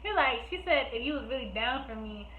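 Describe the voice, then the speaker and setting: A young woman telling a storytime vlog, animated, laughing often and acting out what others said. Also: high voice, fairly quick, a little hiss or hum. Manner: animated, laughing, acts out quotes. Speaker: vlogger. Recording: echoey room, phone-like sound.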